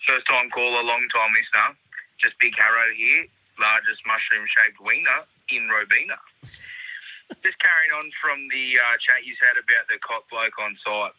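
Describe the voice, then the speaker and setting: A man's voice: medium pitch, moderate pace, no echo. Male caller, dry lo-fi phone recording, crude laughing storyteller. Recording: dull dry phone line.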